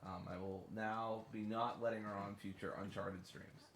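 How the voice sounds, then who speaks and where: A man's voice: lowish voice, flat delivery, moderate pace, roomy sound, background noise. A man giving casual gameplay commentary as a streamer, joking and teasing.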